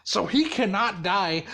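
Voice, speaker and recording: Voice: mid-range voice, fairly bright tone. A storyteller improvising a story in a casual way, laughing often and swearing heavily.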